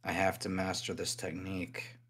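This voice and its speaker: Man as a determined robot fighter with a very low voice and quiet resolve. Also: completely flat delivery, moderate pace, breathy edge. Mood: resolute. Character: determined male robot warrior pushing his limits.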